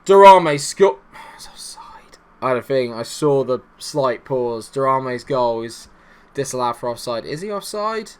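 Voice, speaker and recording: A man talking through a video game as a gaming channel host, in a middle-pitched voice. He is chatty and self-mocking, swinging from low muttering to loud, exasperated outbursts. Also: moderate pace, a little hiss or hum. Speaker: gaming YouTuber. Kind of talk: casual gameplay commentary.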